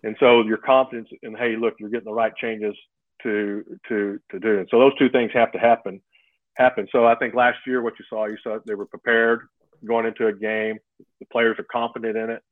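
A man in his fifties speaks over a thin, phone-like remote line with a slightly low voice. He rambles through his points and keeps tagging them with "right?". The sound is close and dead, with no room around it. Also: flat delivery, fairly quick, no echo. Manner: rambling, restarts often, tags thoughts with "right?". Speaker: former college football player, guest. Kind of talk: casual interview talk. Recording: phone-like remote call, dry.

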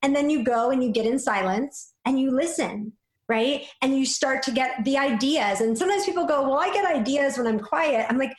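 High-voiced reflective woman, echoey room. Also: moderate pace. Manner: flowing, reflective, many "like" and "right?" fillers. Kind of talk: casual conversation.

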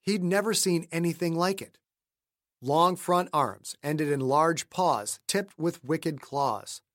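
A man with a slightly raised pitch narrating an audiobook in a measured, suspenseful way. He slows down for the tense beats. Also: a bit bright. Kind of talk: scripted narration.

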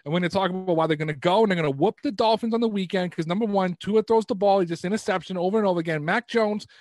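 A man voicing a brash, trolling male sports fan with a Boston accent, loud and boastful. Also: sits high, very fast, no echo, clean studio sound, voice pushed up, close to an everyday voice.

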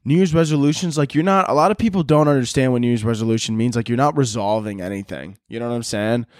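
A man's voice: medium pitch, fast talker, dry recording, studio quality. A young man hosting a podcast, ranting casually and sarcastically with lots of swearing. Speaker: podcast host. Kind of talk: casual solo rant.

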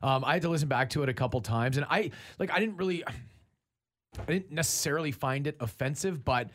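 A man in his fifties hosting a radio morning show, chatty and quick to laugh. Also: on the high side, a bit bright. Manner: chatty, laughs easily, many fillers. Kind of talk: casual radio banter.

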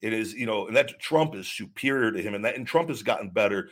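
A male podcast host sits at the mic in a heated, profane rant. His voice sits slightly low, and he trips over his words with repeated restarts before hammering his points home. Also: animated, fast talker, a bit bright. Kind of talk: livestream rant.

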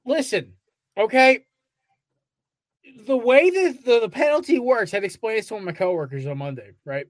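A man's voice: high-pitched, lively intonation, moderate pace, pauses often, no echo. Man, sports podcast co-host, fired-up rant, heavy swearing, dry close sound. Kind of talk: casual sports chat.

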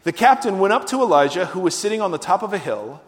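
Male preacher, high voice, chatty and wry, keeps asking the congregation questions. Long hall reverb. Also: very animated, fast. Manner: conversational, asks the audience questions, wry humor. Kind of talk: sermon.

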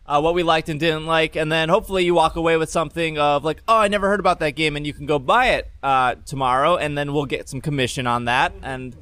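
Male podcast host, a touch high, dry close sound, wry and self-mocking. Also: steady tone, fast, few pauses, pushed and bright, smooth, no room sound. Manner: joking, self-deprecating. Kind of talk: casual chat. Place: live convention panel.

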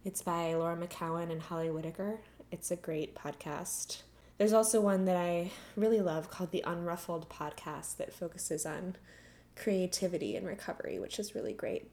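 Slightly winded, this young woman podcast host reflects on personal matters with candor and earnestness, keeping things conversational. She has a lowish, a little mellow voice, a steady tone, and a normal speaking speed.

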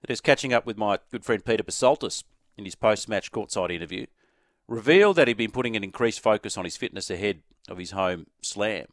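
An Australian man hosting sports talk radio, chatting quickly and inviting listeners to send in texts. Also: lowish voice, no echo, studio quality. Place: radio studio. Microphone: studio microphone.

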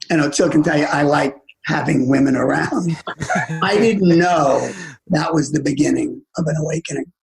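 Gravelly older man, tearful storytelling. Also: fairly high pitch, moderate pace, crowd noise, poor audio. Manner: intimate, often dropping to a hushed, tearful half-whisper. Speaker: podcast guest, music agent. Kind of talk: emotional storytelling.

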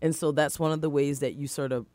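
Animated woman radio host, dry mic. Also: low-pitched, fast talker, no echo. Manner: animated, encouraging, acts out her own past thoughts. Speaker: radio show host, life coach. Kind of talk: casual motivational radio chat.

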